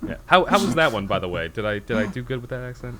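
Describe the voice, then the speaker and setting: A man's voice: mid-range voice, very animated, quick pace, crowd noise. A man co-hosting a casual podcast chat, rambling and self-deprecating, laughing often. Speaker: podcast co-host.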